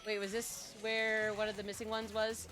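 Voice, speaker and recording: A woman's voice: medium pitch, monotone, normal speed, fairly bright tone, faint music behind. A woman streaming a video game in casual, playful chat, who slips into baby talk when she talks to her dog.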